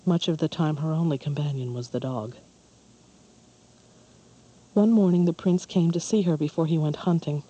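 A storyteller giving a measured, calm scripted narration of a fairy tale. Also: medium pitch, low-quality recording.

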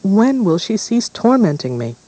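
A man's voice: high voice, very animated, a little slow, mellow, voice pushed up, heavily acted, poor audio. A man voicing a pale, eerie young princess who whispers fearful complaints in a storybook reading. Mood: aggrieved.

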